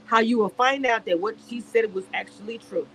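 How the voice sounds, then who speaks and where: A woman's voice: a little high, a little fast, a little hiss or hum, low-quality recording. A woman reviewing a reality show on a live stream, speaking in a heated, emphatic way and repeating herself. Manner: emphatic and repetitive, heated and exasperated. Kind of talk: casual live-stream commentary rant.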